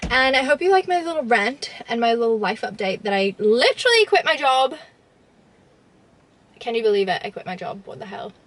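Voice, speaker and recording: A woman's voice: on the high side, very animated, brisk, a bit bright. A young woman chatting in a casual vlog from inside a car, bubbly and gushing with lots of fillers. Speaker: vlogger. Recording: noisy car recording.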